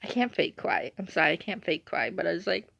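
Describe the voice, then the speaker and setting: A woman's voice: lowish voice, expressive, fairly quick, gravelly, sharp tone, no room sound. A young woman vlogging in casual chatty storytelling, rambling and saying "like" constantly. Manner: rambling, uses "like" a lot. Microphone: phone or device screen. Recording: dull lo-fi sound.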